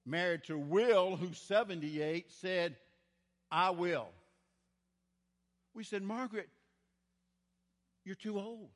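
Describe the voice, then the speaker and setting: An older man preaching a sermon, telling stories in a folksy, dramatic way that swings from hushed to loud. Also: high voice. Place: large church. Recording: church hall with long reverb.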